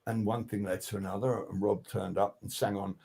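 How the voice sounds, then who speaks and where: A man's voice: on the low side, a little fast, gravelly. An older man, a guest record producer telling casual studio anecdotes, swearing freely, restarting his sentences and acting out what people said. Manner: animated, swears freely, acts out quotes; many restarts and fillers.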